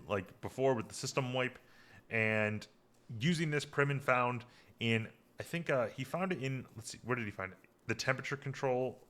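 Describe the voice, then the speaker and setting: A man's voice: medium pitch, bright, forceful tone. A man hosting a podcast, casually recapping a TV episode in a rambling way, full of fillers and restarts. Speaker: podcast host.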